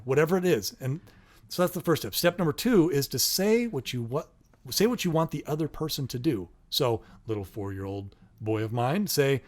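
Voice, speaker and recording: A man's voice: medium pitch, lively intonation, normal speed. A middle-aged man co-hosting a casual parenting talk, explaining steps one by one and acting out sample phrases. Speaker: co-host, parent.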